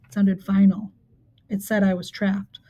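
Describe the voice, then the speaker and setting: A woman reading a nonfiction book aloud in a steady, measured storytelling manner, with occasional small slips. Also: mid-range voice. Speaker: reader.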